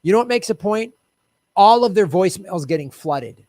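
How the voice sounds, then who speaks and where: A man hosts a solo political livestream, with a voice sitting a touch higher than most men's. He rants with exasperation, drops swear words freely, and turns to chat with his viewers. The sound is close and dry, with no room around it. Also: expressive, normal speed, darkish tone, dry recording. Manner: chatty asides to viewers. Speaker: political commentary host.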